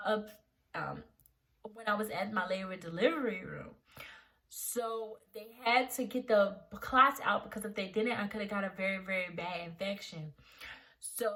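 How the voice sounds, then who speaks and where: Bright-voiced young woman vlogger. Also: on the high side. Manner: animated, acts out quotes. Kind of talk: storytelling vlog.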